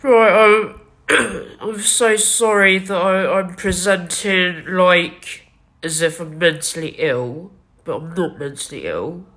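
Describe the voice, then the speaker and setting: A tearful vlogger talks slowly and haltingly, sniffling and circling back over the same words. The voice is bright and a little strained. It is recorded close on a wired earphone mic. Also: mid-range voice. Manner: halting, repetitive, many restarts and self-corrections. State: crying, sniffling. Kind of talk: emotional confessional vlog. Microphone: wired headset or earphone mic.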